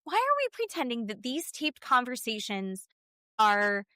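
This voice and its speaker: Woman podcaster, kinda high voice, blunt and sweary, recapping reality tv, dry mic. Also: big pitch swings, unhurried, pushed and bright, dry recording. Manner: blunt, swears freely, acts out quotes. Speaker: podcast co-host. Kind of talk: casual reality TV recap chat.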